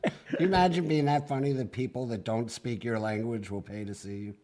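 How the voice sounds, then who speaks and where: A man's voice: medium pitch, fairly quick, warm tone, a little hiss or hum. A man who is a comedian guest in a casual chat, often stopping and restarting his sentences.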